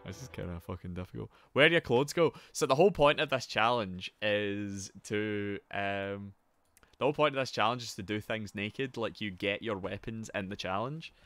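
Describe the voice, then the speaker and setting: A young man streaming a video game live, excitable, swearing often and chatting straight to his viewers. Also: fairly low pitch, moderate pace, soft background music. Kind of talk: live gameplay commentary with chat.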